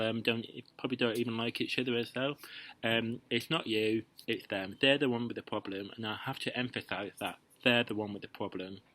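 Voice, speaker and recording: A man's voice: mid-range voice, sharp tone, low-quality recording. A young man giving casual, playful dating advice to camera, chatty and full of ums and restarts. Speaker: vlogger giving dating tips.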